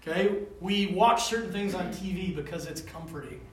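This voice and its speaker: A man preaching a conversational sermon to a small group. He talks in an animated, rambling way and keeps asking the listeners for answers. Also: high-pitched, normal speed, slight background noise. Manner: animated, rambling, calls for responses. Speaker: pastor. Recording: roomy room, voice from a distance.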